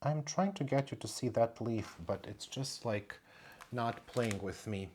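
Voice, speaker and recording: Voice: mid-range voice, measured pace, a little mellow, slight background noise. A plant collector in a casual show-and-tell vlog at home, chatting in a meandering way and thinking aloud while showing each plant.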